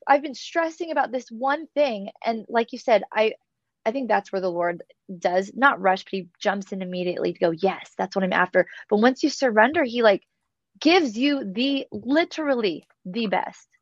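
A woman's voice: on the high side, expressive, normal speed, no echo, dull audio. A woman co-hosting a casual faith chat, reacting eagerly and building on what others say. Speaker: podcast co-host.

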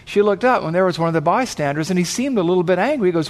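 A man's voice: high voice, animated, very fast. A man preaching, telling a long story vividly and acting out the voices in it. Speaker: pastor. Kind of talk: sermon storytelling.

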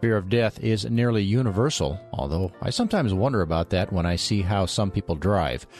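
A man's voice: fairly low pitch, fairly quick, a little mellow, faint music behind. A man hosting a radio Bible program, reading a scripted introduction with light humorous asides.

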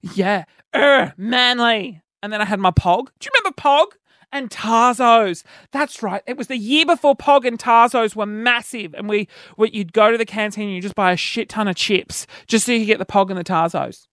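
A man hosting a podcast, telling self-mocking stories in an animated way. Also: a little fast, no echo. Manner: animated, self-mocking, jumps into shrill yelps when acting out panic. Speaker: podcast host. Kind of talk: casual storytelling monologue.

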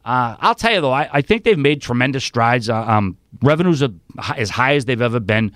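A male podcast host who talks fast and rambles through casual sports chat, restarting his sentences often. His voice sits in a mid range, recorded dry and close. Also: mid-range voice, animated, a bit bright, dry recording. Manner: rambling, with many restarts and fillers.

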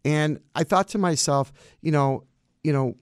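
Emphatic politician, high voice. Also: male voice, measured pace, clean tone, no room sound, studio quality. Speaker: county clerk. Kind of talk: campaign interview answers.

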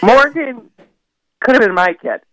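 An older woman chats on the radio about her kids, self-deprecating and animated. Her voice swings widely up and down. The sound is dry and close. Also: on the high side, a little slow, no echo, rough recording. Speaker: caller. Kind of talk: casual radio chat.

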